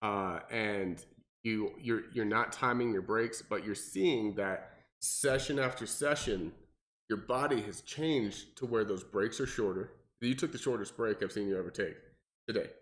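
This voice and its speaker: A man, a personal trainer co-hosting a podcast, talking casually and animatedly with lots of fillers and restarts. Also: unhurried. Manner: animated, mimics people in exaggerated high voices, many fillers and restarts.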